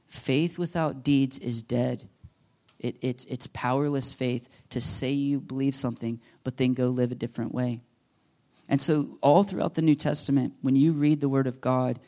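A man's voice: medium pitch, darkish tone. A man preaching a sermon to his church, talking in a conversational way, joking and acting out little quoted voices. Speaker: pastor.

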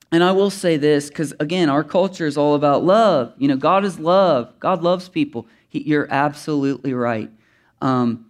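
A man preaching a sermon as pastor to his congregation in church, earnest and emphatic, often restarting his sentences. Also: medium pitch. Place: church before a live congregation.

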